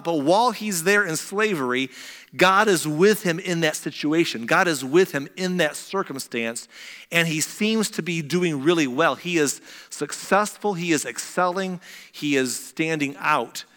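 A man's voice: on the high side, bright, forceful tone. A man preaching a sermon in a conversational, joking way. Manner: conversational, joking asides to a laughing congregation. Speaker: pastor. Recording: reverberant hall sound.

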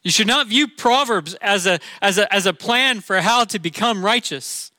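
A man's voice: high-pitched, moderate pace, bright, forceful tone, dry recording. A middle-aged man with a Midwestern accent, preaching a sermon in an earnest, conversational way with rhetorical questions. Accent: Midwestern American. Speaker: pastor.

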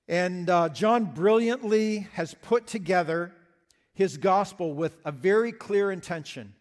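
A male pastor preaches an earnest, explanatory sermon in a high voice. He speaks slowly, often restarting and repeating phrases as he works through a point. His voice rings out with a long reverb, as in a large church hall.

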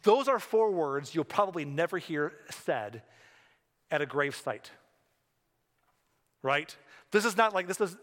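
A man's voice: fairly high pitch, a bit bright. A male pastor preaching a sermon in a conversational, storytelling way with humorous asides. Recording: long hall reverb.

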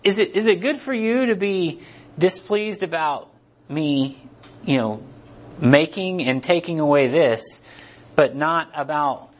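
A man voicing God as a patient figure who gently challenges and reasons. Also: a little high, expressive, slow pace, muffled recording. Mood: reasoning. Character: patient questioning deity, male.

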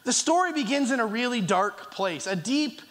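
High-voiced pastor with a slight cough. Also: male voice, expressive, fairly bright tone. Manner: earnest, with pauses and restarts, reading scripture aloud. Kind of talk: sermon. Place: church. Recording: long reverb of a church hall.

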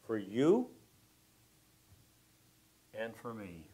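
Slow preaching man with dramatic swells. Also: lowish voice, big pitch swings, slight background noise. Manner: preaching with swells of loudness and drops to near-whispers; slow, deliberate delivery. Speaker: pastor. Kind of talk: sermon.

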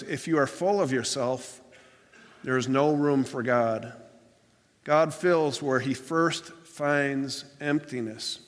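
A man's voice: a little high, a bit bright. A man preaching a sermon as pastor, telling stories in an earnest, plainspoken way with some restarts. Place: church sanctuary. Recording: long hall reverb.

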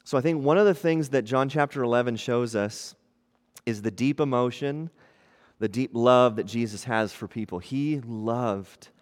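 A man in his thirties, a pastor, preaching in a conversational style that moves between hushed and animated. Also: mid-range voice, long reverb tail. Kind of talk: sermon.

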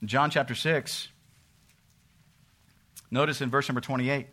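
A man preaching a sermon, asking rhetorical questions and swinging between loud emphasis and quiet asides. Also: medium pitch, steady tone, a little slow, long pauses. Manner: asks rhetorical questions and acts out what people say to God.

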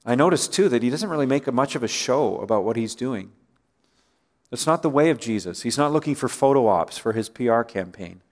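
A man's voice: medium pitch, animated, brisk. A man preaching a sermon in a conversational way, often asking listeners rhetorical questions and letting his voice drop at the ends of phrases. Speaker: pastor.

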